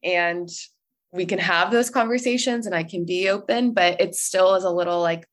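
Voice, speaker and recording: Young woman guest, chatty storyteller, lower voice, filler-heavy and easy laughs. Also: moderate pace. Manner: chatty, lots of likes and ums, laughs easily. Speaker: podcast guest. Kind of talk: casual storytelling.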